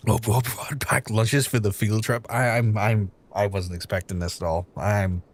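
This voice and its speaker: A man streaming live, overwhelmed and swearing, holding back from shouting. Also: fairly low pitch, little pitch movement, normal speed. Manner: emotional, swearing, restrained from shouting. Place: room at home.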